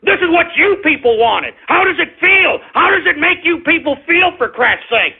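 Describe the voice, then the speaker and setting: A man hosting a political talk radio show, ranting with passion and profanity and often shouting at his listeners. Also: very high voice, animated, moderate pace, creaky. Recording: narrow phone-like lo-fi audio.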